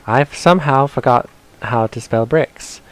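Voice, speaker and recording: A man's voice: mid-range voice, a little slow, smooth. A man chatting playfully while streaming a video game, sometimes reading game text aloud in silly voices. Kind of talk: casual live-stream commentary.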